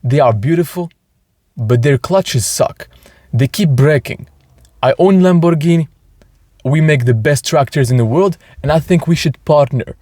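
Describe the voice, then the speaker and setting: A man voicing a proud, blunt Italian industrialist with a put-on Italian accent, pitching a deal with emphatic self-assurance. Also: measured pace, mellow, no echo, clean studio sound. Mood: proud, persuasive.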